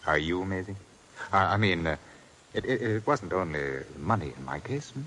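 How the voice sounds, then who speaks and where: An actor playing a gallant, stammering lord in a 1940s radio drama. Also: male voice, low-pitched, expressive, moderate pace, a bit bright, slight background noise. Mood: tender. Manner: fussy and stammering. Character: gallant, flustered English lord in love.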